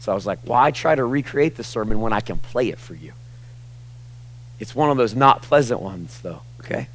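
A man's voice: fairly low pitch, lively intonation, normal speed. Man preaching a conversational sermon. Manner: conversational preaching with casual fillers. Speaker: pastor. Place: church sanctuary with a congregation.

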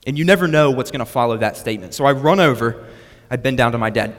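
A man's voice: medium pitch, expressive, fast talker, a bit bright. A young man preaching a sermon that is built around a personal story, with a storytelling manner and frequent restarts on his words. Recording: long reverb of a hall.

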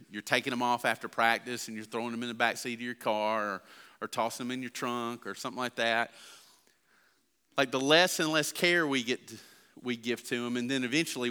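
A man in a pastor's role delivers a sermon in a conversational style, questioning the congregation as he goes. His mid-range voice is clean with a sharp tone, and long hall reverb fills the recording.

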